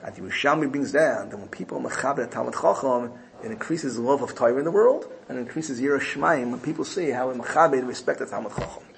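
A man's voice: medium pitch, quick pace, gravelly, few pauses, poor audio. A man giving a Torah lesson in sermon style, telling a story emphatically and often repeating his phrases. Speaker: Torah teacher.

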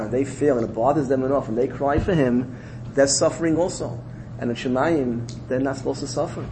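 A man's voice: mid-range voice, noisy background. A man with a Yeshivish English accent giving a Torah lecture, telling a story in a sing-song learning cadence that rises and drops. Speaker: rabbi teaching Torah.

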